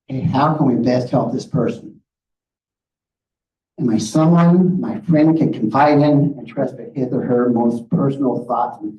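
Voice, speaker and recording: Middle-aged guy giving a talk, earnest and direct, sounds far off in an echoey meeting room, kinda muffled. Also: mid-range voice. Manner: earnest, direct, frequent "okay?". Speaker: guest speaker on grief. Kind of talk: presentation with slides. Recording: roomy, distant, muffled room audio.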